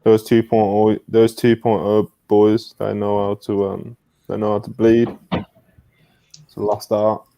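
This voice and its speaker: A man's voice: fairly low pitch, completely flat delivery, takes it slowly, gravelly, warm tone, no echo. A man co-hosting a podcast in laid-back casual chat, full of slang and swearing. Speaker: podcast co-host.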